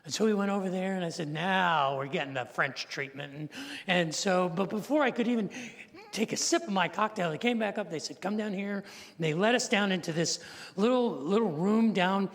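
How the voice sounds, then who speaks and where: A man's voice: high voice, fairly quick. A man in his sixties, a pastor, telling a story in a sermon and acting out the people in it. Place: church sanctuary. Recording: long reverb of a large church hall.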